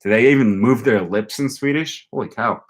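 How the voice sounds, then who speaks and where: A young man casually thinking aloud as he tries a language app, slowly repeating foreign phrases after a recording. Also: medium pitch. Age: young adult. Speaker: language learning vlogger. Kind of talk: casual commentary while using a language app.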